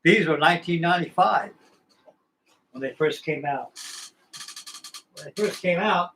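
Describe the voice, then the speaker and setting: A man's voice: a little high, measured pace, sharp tone, slight background noise, low-quality recording. Older man spinning folksy hobby yarns. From California. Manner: folksy, salty, digressive. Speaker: model-building channel host. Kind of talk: rambling casual storytelling.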